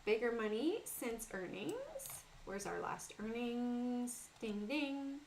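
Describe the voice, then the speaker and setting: A woman's voice: a little high, takes it slowly, creaky, slight background noise. A middle-aged woman with a Southern US accent hosting a casual trading livestream, talking through charts and greeting chat viewers by name.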